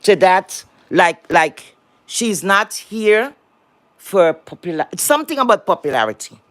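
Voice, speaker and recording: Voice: medium pitch, big pitch swings, unhurried, a bit bright, dry recording. An online commentator in a heated monologue rant, blunt and profane, repeating words for emphasis and firing rhetorical questions at the viewers. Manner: talks to the audience directly with rhetorical questions.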